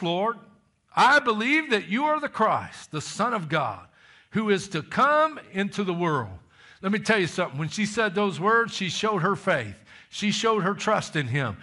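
A man preaching a sermon in a high, bright voice. He reads scripture aloud and drives it home with emphatic questions and calls for amens.

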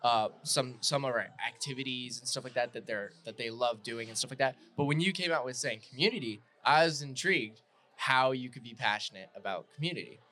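A young man hosts a podcast in a bright, forward voice. He speaks in an easygoing, halting way, full of fillers as he asks his guest questions. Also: medium pitch. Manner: easygoing, hesitant with many fillers. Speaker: podcast host. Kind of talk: casual interview.

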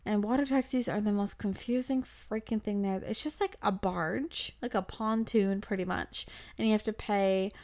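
A young woman spins a travel tale for her podcast in a casual, lively voice. She rambles with plenty of fillers and slips into acting out what people said. Her pitch sits in an ordinary middle range. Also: normal speed, few pauses. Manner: chatty, animated, acts out quotes with fillers. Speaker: podcast host telling a travel story. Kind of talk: casual storytelling.

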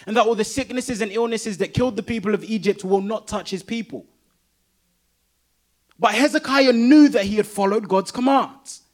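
A man preaching a sermon in an emphatic, repetitive way that builds intensity. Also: high voice.

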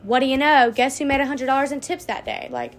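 A woman's voice: high voice, big pitch swings, fast. A young woman vlogging in a casual, rambling way, swearing now and then as she chats. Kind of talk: casual chat to camera.

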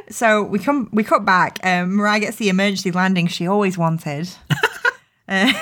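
A woman's voice: mid-range voice, bright, forceful tone, a little hiss or hum. A woman co-hosting a podcast, recapping a show in casual chat, giggling often, swearing freely and acting out the characters' lines. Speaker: podcast co-host recapping episodes.

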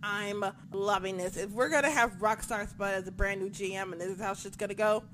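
A woman in casual chat, gushing over wrestling matches with plenty of swearing. Her pitch sits in a middling range, and she keeps stumbling over names before bursting out loud and excited. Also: fairly quick, a little hiss or hum. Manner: excitable, swears a lot, loses track of names. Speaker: wrestling show reviewer.

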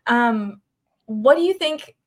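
A woman's voice: a little high, lively intonation, slow pace. A woman hosting a podcast interview, giving short encouraging reactions and asking casual questions. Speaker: podcast host.

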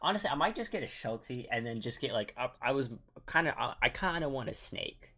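A man's voice: medium pitch, lively intonation, brisk, pushed and bright. A young man hosting a casual podcast chat, rambling and laughing often. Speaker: podcast host.

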